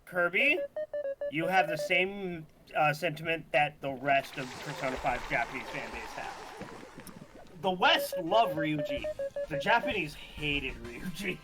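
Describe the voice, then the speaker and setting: A man's voice: fairly high pitch, lively intonation, measured pace, over music. A man chatting casually with friends on a stream call, rambling with lots of fillers and restarts. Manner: rambling, many likes and restarts. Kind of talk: casual group chat.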